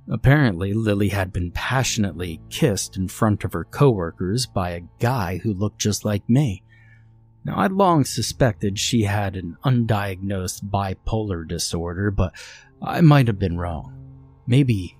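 A man's voice: on the low side, a little mellow. A man narrating a horror story in the first person, in a dry, matter-of-fact manner. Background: faint music.

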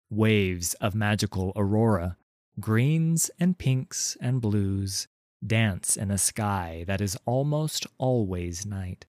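A male narrator reading a dark fantasy tale, his voice low and his pace slow and deliberate. The delivery is measured and atmospheric, recorded close and dry. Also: no room sound. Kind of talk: dramatic story reading.

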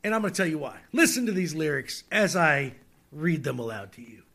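A man's voice: fairly high pitch, very animated, fairly quick, creaky, sharp tone. A man co-hosting a casual comedy podcast, mockingly reading song lyrics aloud and laughing often. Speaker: podcast co-host.

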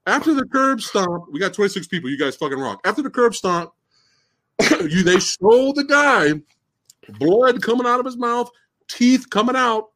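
A man hosting a live-stream movie discussion who rants in an excitable, incredulous, profane way. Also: sits high, normal speed. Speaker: host.

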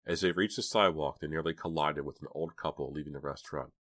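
A man narrating a novel in a steady, even storytelling manner. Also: very deep voice, fast talker. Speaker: audiobook narrator. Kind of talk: scripted narration.

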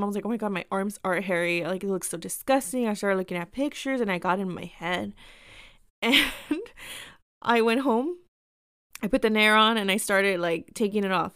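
A woman's voice: medium pitch, a bit bright, clear, resonant tone, dry recording, studio quality. A woman in her thirties casually telling personal stories, chatty and full of fillers, acting out the people she quotes. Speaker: storyteller.

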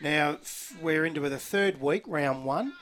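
A man's voice: fairly high pitch, lively intonation, fairly bright tone. A middle-aged Australian man hosting a casual radio sports interview from a football ground, enthusiastic and matey. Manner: enthusiastic, matey, drawn-out delivery. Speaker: radio sports show host. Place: outdoor broadcast at a football ground.

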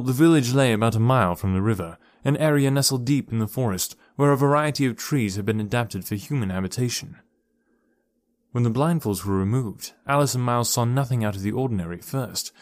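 A man narrates an audiobook with medium pitch, telling the story in a measured, expressive way. The studio-quality recording has no echo.

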